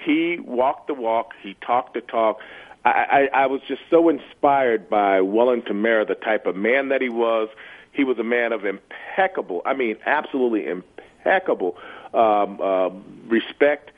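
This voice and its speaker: A man's voice: mid-range voice, normal speed. A man in his sixties, a former football player, speaking earnestly as a guest in a phone interview and often repeating words as he searches for them. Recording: tinny phone line.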